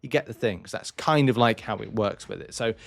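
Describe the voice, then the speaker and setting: A man's voice: on the low side, brisk, creaky. A man hosting a gaming channel, giving blunt, rambling advice in casual news commentary.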